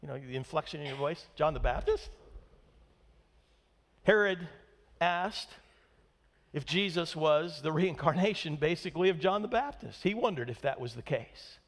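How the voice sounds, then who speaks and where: A male pastor preaches in a church sanctuary with a high, lively voice. He keeps throwing rhetorical questions at the congregation. The long hall reverb trails after each phrase. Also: moderate pace. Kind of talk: sermon.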